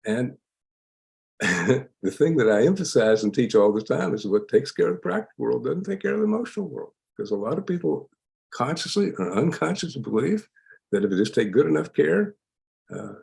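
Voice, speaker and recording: An older man, a psychologist, explaining ideas in an emphatic lecture style with a gravelly voice. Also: mid-range voice. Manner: lively, emphatic, laughs while explaining. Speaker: psychologist guest. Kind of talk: lecture-style interview answers.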